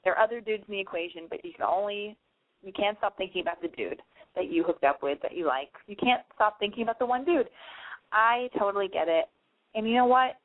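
A woman's voice: medium pitch, fairly quick. A woman hosting a casual call-in advice radio show, chatty and frank, swearing freely. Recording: dry, phone-like narrow band.

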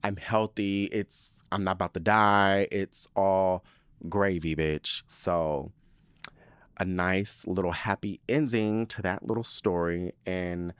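Lowish-voiced man telling a dramatic, profane story. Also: slow pace, clear, resonant tone, no echo. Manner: animated, dramatic, profane and chatty. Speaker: podcast host. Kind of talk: casual storytelling monologue.

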